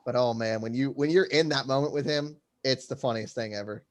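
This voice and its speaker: A man's voice: medium pitch, brisk, a little hiss or hum. A young man co-hosting a podcast, easygoing in casual chat, laughing along and saying "like" a lot. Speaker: podcast co-host.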